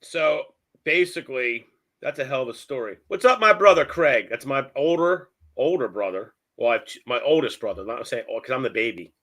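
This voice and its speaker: Bright, excitable man co-host. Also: medium pitch, normal speed. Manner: excitable, playful, interjecting. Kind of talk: casual chat.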